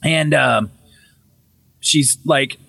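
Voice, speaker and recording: A man's voice: medium pitch, drawn-out words, vocal fry, slightly rough. A man telling a creepy personal story to a group on a call, swearing freely and acting out the voices in it. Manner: animated, swearing, acts out voices in his story. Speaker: caller telling a ghost story.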